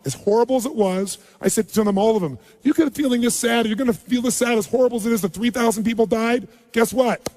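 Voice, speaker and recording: Booming stage speaker in a big hall. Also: male voice. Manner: storytelling, drops low and soft for emotional quotes, then rises to loud rallying. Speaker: motivational speaker. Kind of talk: seminar stage talk. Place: large hall with live audience. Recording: long hall reverb.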